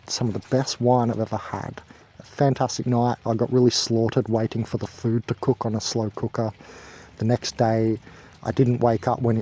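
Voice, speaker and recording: A man's voice: medium pitch, warm tone, slight background noise. A young man ranting to camera in a heated, profane, rambling way. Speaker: vlogger. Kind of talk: angry ranting monologue to camera.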